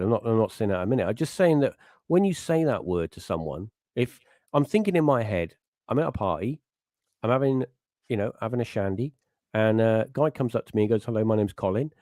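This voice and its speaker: A man's voice: on the low side, animated, a little fast, warm tone, no room sound, clean studio sound. A middle-aged man hosting a podcast in casual chat, rambling and breaking off to act out little quotes. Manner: rambling, self-interrupting, acts out quotes. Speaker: podcast host.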